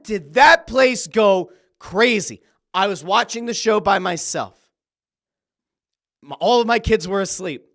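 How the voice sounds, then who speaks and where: A man hosting a wrestling podcast in casual commentary, excitable and swearing freely, acting out his own reactions with quoted exclamations. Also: high voice, unhurried. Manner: uses profanity freely.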